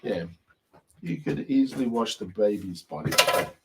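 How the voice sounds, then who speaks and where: A man's voice: lowish voice, big pitch swings, moderate pace, gravelly, very noisy. A man hosting a live shopping show, walking through each product's features step by step. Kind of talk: product demonstration.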